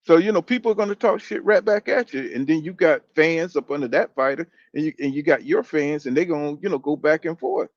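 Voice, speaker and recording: A man's voice: on the high side, expressive, fairly quick, hardly any pauses, no echo, muffled recording. Rambling, cussing man ranting about boxing. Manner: rambling, profane, keeps saying "you know what I'm saying". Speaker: boxing commentator. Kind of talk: casual opinion rant.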